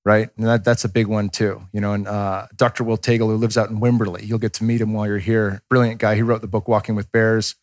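A man's voice: lowish voice, little pitch movement, fast, few pauses, no echo. A man in his thirties, a podcast guest talking casually and candidly, rambling and swearing freely as he acts out quotes. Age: 30s.

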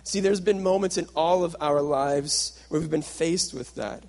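A man's voice: a little high, unhurried, creaky, darkish tone. A young adult man giving a sermon-style workshop talk, telling a personal story and acting out what he and others once said. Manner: storytelling, acts out his past self and others in quotes. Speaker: workshop speaker.

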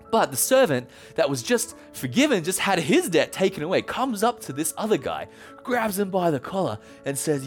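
A male pastor gives a relaxed, joking sermon, his pitch swinging up and down as he tells the story. He chats more than he preaches and laughs along the way. Soft music plays faintly underneath. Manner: chatty, playful, laughs while retelling stories. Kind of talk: casual humorous sermon.

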